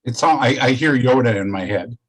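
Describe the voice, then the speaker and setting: A man with a slightly husky, breathy voice talks in a casual interview. He affirms what his partner says and adds to it. Then he passes the next question back to him. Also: medium pitch, brisk. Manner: affirming, builds on the other speaker and hands questions back. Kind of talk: conversational interview.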